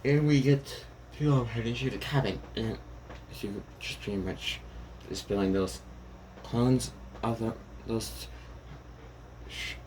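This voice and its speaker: A man casually retelling a fan story out loud, rambling with many fillers and self-corrections. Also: medium pitch, fairly even intonation, a little slow, a little hiss or hum, rough recording.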